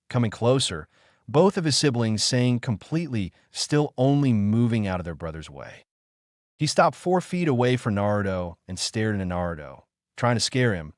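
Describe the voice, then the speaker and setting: A man reading a fan fiction story aloud as scripted narration, in a steady, even way. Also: on the low side, no echo, studio quality.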